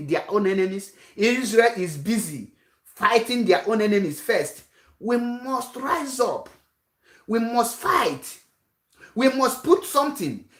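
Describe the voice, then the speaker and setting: A woman's voice: medium pitch, fairly bright tone, echoey room. A woman giving a rousing political speech, full of rhetorical questions and repetition. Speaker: activist speaker.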